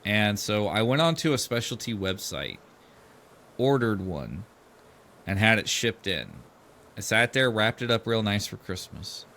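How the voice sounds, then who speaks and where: Bright-voiced man telling a family story. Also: on the low side, unhurried. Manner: animated, swears freely, acts out quoted voices. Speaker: podcast host. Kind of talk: casual storytelling.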